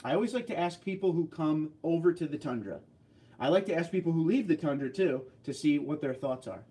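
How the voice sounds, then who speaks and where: A man's voice: on the high side, animated, fairly quick, mellow. A man from New Jersey hosting a casual livestream, chatting and joking as he reads and answers viewer comments. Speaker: livestream host.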